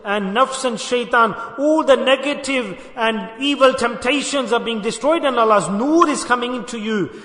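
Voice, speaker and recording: In a long-reverb, echoey hall, a man teaching a dhikr gathering as Sufi sheikh delivers an earnest sermon. His very high, sharp voice moves at a moderate pace with few pauses as he repeats phrases, quizzes the audience and mixes in Arabic devotional expressions.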